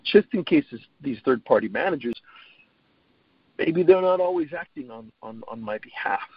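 A man's voice: medium pitch, very animated, a little fast, creaky, breathy edge, no room sound. A middle-aged man talking as a guest on an interview show, earnest, often repeating his first words before he gets going. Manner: earnest, repeats words when starting sentences. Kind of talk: casual interview talk. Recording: dull, lo-fi audio.

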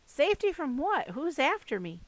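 A woman doing a blunt young boy in a fantasy audiobook, quick and incredulous. The mic is close and dry. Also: high voice, big pitch swings, no echo, pitched above the performer's own voice. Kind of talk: audiobook character voice.

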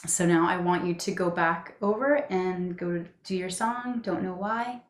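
A woman practitioner guiding a tapping session, calmly giving phrases to repeat. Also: fairly low pitch, a little slow, roomy sound, slight background noise. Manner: calm coaching, gives phrases to repeat. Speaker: EFT practitioner.

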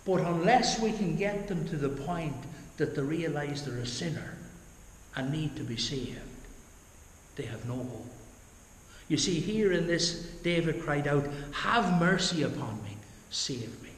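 Earnest pastor in an echoey church. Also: male voice, lively intonation, measured pace, a little hiss or hum. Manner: earnest, drops low and soft at the end of points; tells homely stories with asides to the congregation. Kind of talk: Bible study sermon. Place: church hall. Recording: echoey church hall, long reverb.

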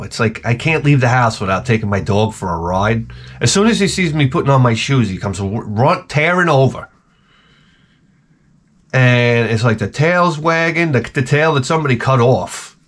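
A man's voice: medium pitch, lively intonation, moderate pace. Profane rambling male host. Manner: profane, ranting storyteller. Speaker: channel host. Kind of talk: rambling comedic monologue.

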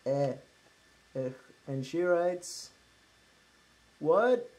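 A man hosts his own video show in one take, talking slowly and rambling with self-mocking asides. His voice sits at a middling pitch, and the sound comes from a laptop's built-in mic. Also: darkish tone. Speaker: show host. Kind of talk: casual unedited video chat.

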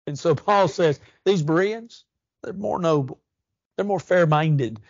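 Preaching in church, a man speaks with earnest conviction, using rising emphasis and slowly stretched stresses on important words. His somewhat high voice shows vocal fry, and the close-miked, dry recording is a bit dull and muffled.

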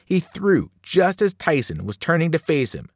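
Animated male teacher reading aloud. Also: a little high, normal speed, breathy edge, no echo, clean studio sound. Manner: animated, dramatic storytelling. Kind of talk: novel read-aloud narration.

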